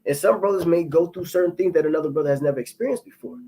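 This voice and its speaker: A man giving an informal spoken testimony, profane and rambling, repeating words and restarting, reading scripture aloud more slowly. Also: on the high side, mellow, poor audio.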